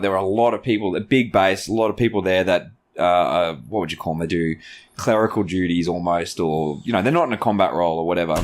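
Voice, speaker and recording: A young man, co-hosting a casual podcast chat, telling army stories in a lively way, often laughing and swearing. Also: low-pitched. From Australia. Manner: animated storytelling, laughs often, swears freely. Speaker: podcast co-host.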